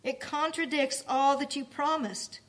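A woman's voice: sits high, steady tone, unhurried, fairly bright tone. A woman reading aloud, voicing a timid, frightened young woman pilgrim who pleads tearfully. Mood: distressed.

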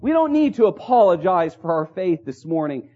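A man's voice: high-pitched, sing-song, normal speed, dark tone. A man preaching a sermon in a chapel, earnest and exhorting, driving points home with rhetorical questions and repetition. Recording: dull lo-fi recording.

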